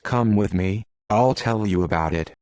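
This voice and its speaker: A man voicing a grave, gentle old merchant. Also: on the low side, normal speed, no room sound, lightly acted. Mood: solemn. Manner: solemn, restrained. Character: desperate older merchant father, gentle and grave.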